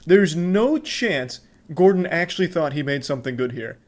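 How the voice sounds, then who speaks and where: A man's voice: a little high, lively intonation, moderate pace, poor audio. A man narrating his own cooking video in a dry, sarcastic and blunt way.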